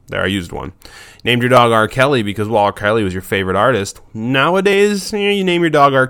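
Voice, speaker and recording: A man's voice: on the low side, a bit bright, smooth. A man giving casual advice about naming dogs, rambling and breaking off his own sentences. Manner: rambling, self-interrupting, loose and informal.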